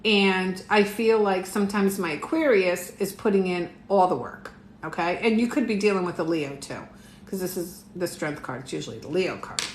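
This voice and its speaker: In an echoey home room with faint background noise, a middle-aged tarot reader hosts a relaxed live session. Her voice is fairly low and moves at normal speed as she chats and laughs frequently with her viewers.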